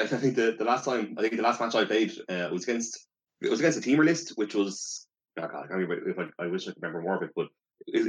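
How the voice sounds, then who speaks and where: A man in a casual card-game chat, telling stories in a quick, animated way. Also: deep voice. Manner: quick, animated storytelling with laughs. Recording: dull lo-fi mic.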